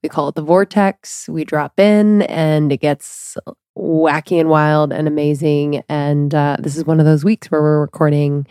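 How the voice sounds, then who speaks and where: Stuffy-nosed young woman, low and mellow. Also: steady tone, a little slow, clear, resonant tone, no room sound, studio quality. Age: young adult. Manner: playful, laughing. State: congested from a recent cold. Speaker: podcast co-host. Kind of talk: casual chat.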